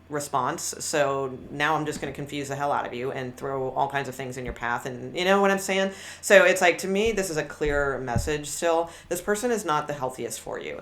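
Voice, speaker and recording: A low-pitched woman reading tarot cards to viewers, speaking bluntly and restarting her sentences often. A faint hiss of noise sits behind her voice. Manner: candid, blunt, rambling with many restarts. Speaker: tarot reader.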